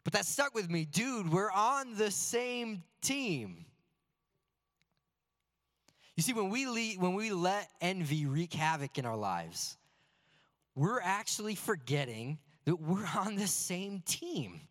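Male pastor, fairly high voice, earnest sermon delivery with slow emphatic lines, reverberant sanctuary sound. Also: sing-song, a bit bright. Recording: long hall reverb.

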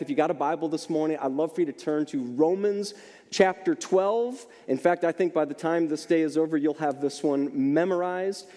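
A man's voice: on the high side, mellow. A man in his fifties, a pastor preaching a sermon in a church in a chatty, joking way full of asides. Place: church sanctuary. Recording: long hall reverb.

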